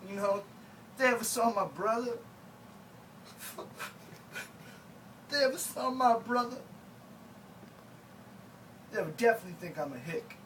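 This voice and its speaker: A man's voice: very high-pitched, lively intonation, a little slow, long pauses, a bit bright, far from the mic, a little hiss or hum, rough recording. A man performing a rambling, mock-sorrowful comic monologue. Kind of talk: comedic character monologue.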